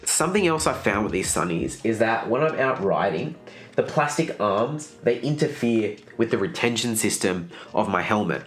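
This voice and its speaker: Nasal man, low voice. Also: moderate pace, soft background music. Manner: relaxed, candid, conversational. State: getting over a virus. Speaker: cycling gear reviewer. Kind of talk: casual review vlog.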